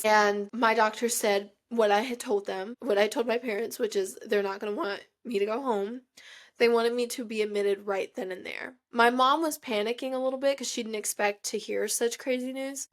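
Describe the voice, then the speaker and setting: A woman's voice: a little high, normal speed. A young woman hosting a podcast, telling a personal story with emotion and frequent filler "like". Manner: emotional, heavy use of "like". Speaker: podcast host.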